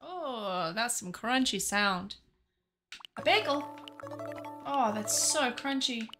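A woman's voice: on the high side, lively intonation, takes it slowly, over music. A woman streamer chatting casually to her viewers while gaming, swearing freely.

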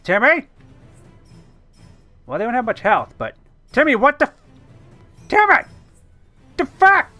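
A gamer giving excitable, sweary commentary over their own gameplay. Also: mid-range voice, takes it slowly, long pauses, soft background music. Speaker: let's play gamer.

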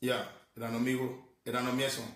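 A man with a Nigerian accent delivers a scolding, repetitive rant, jumping between loud outbursts and low muttering. His voice sits at an ordinary pitch for a man. He sounds set back from the mic in a roomy, echoing space. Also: monotone, racing, recorded from a distance. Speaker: social media ranter. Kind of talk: angry rant in Pidgin and English. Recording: echoey room, voice off-mic.

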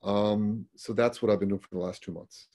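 A middle-aged man speaking as a paramedic guest. His voice sits a bit low and sounds husky, with a dark, mellow tone. He tells his stories plainly and often restarts or repeats words as he goes. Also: steady tone, normal speed. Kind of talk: conversational storytelling.

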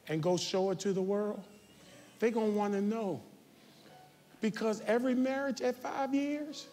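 A man preaching a sermon as pastor, talking straight to his congregation and building to shouted, confrontational calls. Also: high voice. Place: large church sanctuary. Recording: reverberant church sanctuary.

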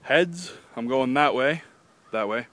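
A man's voice: mid-range voice, takes it slowly, a bit bright. A young man, rambling and joking as he walks outdoors by a golf course pond, filming on his phone. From Canada. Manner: rambling, joking, swears casually. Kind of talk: casual walking vlog. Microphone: handheld phone.

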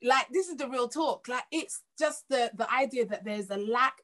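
High-voiced chatty woman. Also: moderate pace. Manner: animated, acts out quoted conversations. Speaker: host. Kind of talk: casual chat.

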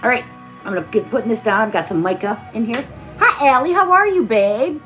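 A woman's voice: a little high, animated, brisk, a bit bright, faint music behind. A tired woman hosting a live stream, chatting casually while she crafts and greeting viewers by name with pet names.

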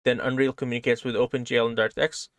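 A man's voice: medium pitch, level tone, quick pace, dry recording. A man teaching programming in a casual, step-by-step way, often checking in with "right?". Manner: casual, explains step by step, keeps asking "right?". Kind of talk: screen-share coding lesson.

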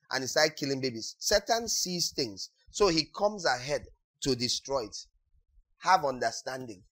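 A man preaching a sermon as pastor, acting out quotes and breaking into sudden shouts. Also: fairly high pitch.

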